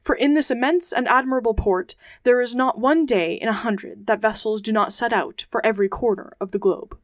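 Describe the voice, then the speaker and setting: A woman podcast host narrating a classic adventure novel aloud, reading in measured phrases. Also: a little high, no echo, clean studio sound. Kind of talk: audiobook narration.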